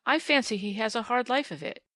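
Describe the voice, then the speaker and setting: A woman's voice: fairly high pitch, fairly quick, no room sound. A woman from New Zealand with a New Zealand accent, expressively narrating an audiobook in the first person. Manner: expressive storytelling reading.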